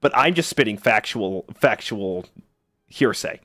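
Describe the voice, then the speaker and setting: A man's voice: lowish voice, animated, a little slow, bright, forceful tone, dry recording, clean studio sound. A man streaming live, chatting casually with viewers in a sarcastic, argumentative way.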